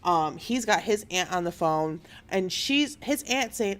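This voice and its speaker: A woman's voice: medium pitch, animated, normal speed, hardly any pauses. A young woman hosting a casual online news show, retelling a story animatedly and acting out the quotes with plenty of swearing.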